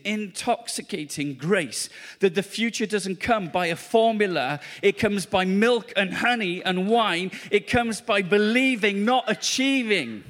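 A man's voice: high voice, fairly bright tone. A man preaching a charismatic sermon at a church meeting, fervent and repetitive, exclaiming to the congregation.

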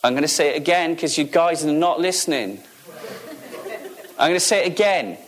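Guy preaching, high voice, keeps throwing questions at the crowd and repeating himself. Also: lively intonation, moderate pace. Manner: emphatic, repeats key phrases, asks the audience questions. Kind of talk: sermon.

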